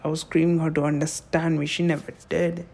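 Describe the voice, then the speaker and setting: A man giving an intense, emotional monologue on love, swearing and swinging between hushed passages and shouting. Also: fairly high pitch, little pitch movement, a little fast, gravelly. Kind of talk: impassioned spoken monologue.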